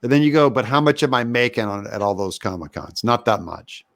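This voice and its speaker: Mid-pitched man musing in casual chat. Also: lively intonation, a little fast. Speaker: guest, comic creator.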